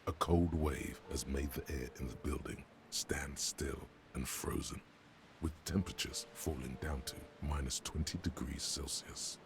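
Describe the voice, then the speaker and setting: A man voicing the grim inner narrator of a detective video game, reading scripted narration in a gravelly tone. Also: extremely low pitch, fairly even intonation, unhurried, faint music behind, exaggerated voice.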